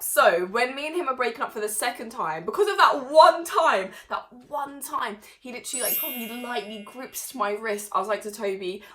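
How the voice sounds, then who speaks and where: Young girl doing a storytime, bright clear voice, chatty and animated, gets loud when she laughs. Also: a little high, brisk, hardly any pauses. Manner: chatty and animated, with laughs and sudden bursts of loudness. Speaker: vlogger. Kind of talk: casual storytime to camera.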